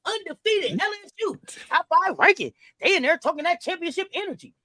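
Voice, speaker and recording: Woman sports host, high and animated, bright-toned, hammers points through repetition on a dry recording. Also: fairly quick, dry recording. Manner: emphatic, repetitive rhetorical buildup. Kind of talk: sports commentary podcast.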